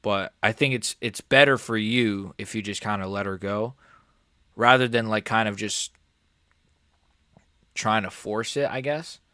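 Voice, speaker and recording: A young man streaming a live MMA reaction, excitable and swearing, calling everyone "bro" and swinging between shouted outrage and quiet muttering. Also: lowish voice, a little slow, pauses often, no room sound, studio quality. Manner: excitable, swears a lot, says "bro" often. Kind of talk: live fight reaction commentary.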